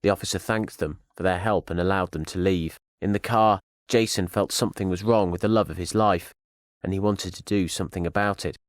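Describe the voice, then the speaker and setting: A man reading a thriller audio drama as narrator, in a steady storytelling manner. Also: sits low, fairly quick, no echo, studio quality.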